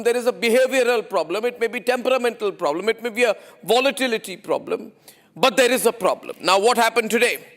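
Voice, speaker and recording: A male television news anchor with a high-pitched voice, speaking from a studio. He delivers an opinionated monologue, repeating his points and firing off rhetorical questions with insistent emphasis. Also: a bit bright.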